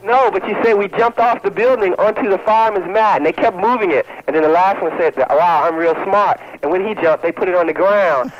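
A man's voice: sits high, fast, hardly any pauses. A man calling in to a comedy radio show, indignant and insistent, threatening the host. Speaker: caller. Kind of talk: comedy phone-in call. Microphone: phone line. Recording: dull phone-line audio.

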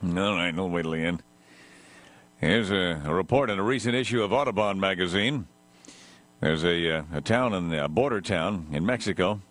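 A man's voice: deep voice, brisk, a bit bright. A man hosting a comic radio show, rambling and ranting in jokes and talking to his dog. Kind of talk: comic radio talk with a sung parody.

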